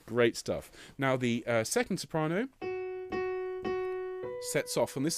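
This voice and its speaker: A man's voice: medium pitch, very animated, unhurried, pauses often. A man teaching a choir part, patiently explaining and singing short demonstration phrases with encouragement. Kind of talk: choir rehearsal tutorial. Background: piano accompaniment.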